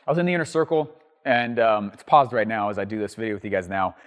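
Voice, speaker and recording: Lively man telling stories in a reverberant room. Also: lowish voice, fast. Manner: energetic, rambling, full of ums and restarts; writes on a board while talking. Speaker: show host teaching entrepreneurs. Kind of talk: animated storytelling to camera.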